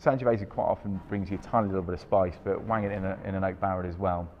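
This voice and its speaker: A man hosting a wine subscription video, talking casually with lots of ums and a relaxed, chatty manner. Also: deep voice, fast talker, long reverb tail, lo-fi sound, a little hiss or hum. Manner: relaxed, filler-heavy, chatty. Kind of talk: casual presenting to camera.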